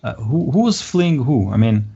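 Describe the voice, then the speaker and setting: A man's voice: medium pitch, very animated, normal speed, creaky, warm tone, breathy edge. A man narrating as game master of a tabletop game, hesitant with many fillers and frequent laughs. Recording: dull lo-fi audio.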